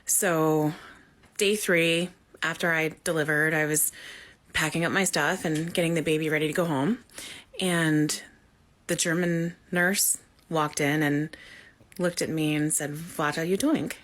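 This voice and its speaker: A nurse recounts a personal story in a calm, measured manner. Her woman's voice sits a little low, and she unfolds the anecdote without hurry.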